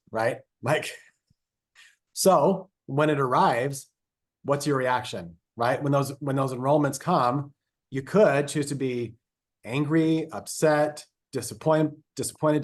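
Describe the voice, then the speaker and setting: A man coaching on a live group call, reflective and steady, checking in with "right?" as he goes. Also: mid-range voice. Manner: reflective, tags points with "right?". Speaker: success coach.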